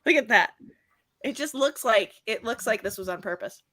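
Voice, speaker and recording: A woman co-hosting a comedy chat, animated and joking as she tells quick stories. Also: a little high, dry recording. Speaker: co-host.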